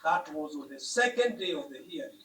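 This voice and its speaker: A man argues before a court in a slow, deliberate way, leaning on key words for emphasis. His voice sits high and bright. It is heard from some distance in an echoey courtroom. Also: expressive. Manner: deliberate, emphatic, measured phrasing. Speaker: advocate addressing the court. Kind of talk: formal legal submission. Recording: echoey room, mic at a distance.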